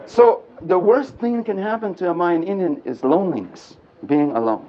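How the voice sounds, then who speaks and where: A man giving an animated storytelling lecture to a live audience at a men's gathering, joking and speaking bluntly. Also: sits high, moderate pace. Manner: animated and earthy, mixing jokes and blunt language. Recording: dull lo-fi archive tape.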